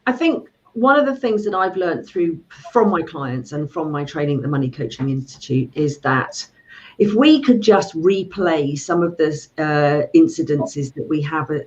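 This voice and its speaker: A middle-aged woman, a money coach chatting and telling stories, often acting out voices. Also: low-pitched. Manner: animated storyteller, acts out voices. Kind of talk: casual video chat. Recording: dull lo-fi sound.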